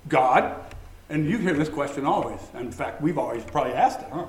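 A male pastor delivers a sermon in a lively preaching manner, tossing rhetorical questions at his listeners. His voice sits slightly high for a man. The sound carries the reverberant echo of a large room. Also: a little fast. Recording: echoey room.

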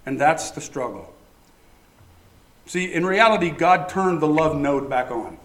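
A man preaching a sermon, animated, asking the congregation rhetorical questions. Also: on the high side, a little slow. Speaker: pastor. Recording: echoey room.

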